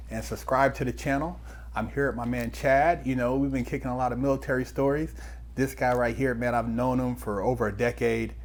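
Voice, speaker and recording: A man's voice: mid-range voice, a little mellow. Laid-back male interview host. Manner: laid-back, friendly slang. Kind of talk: casual interview intro.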